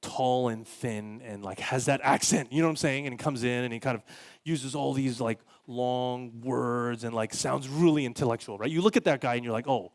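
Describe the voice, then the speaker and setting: A male pastor delivers his sermon like a casual chat. His voice sits at a middle pitch, and his talk is full of filler words. He livens up whenever he acts out the people he quotes. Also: moderate pace. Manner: casual, conversational, heavy use of "like" fillers.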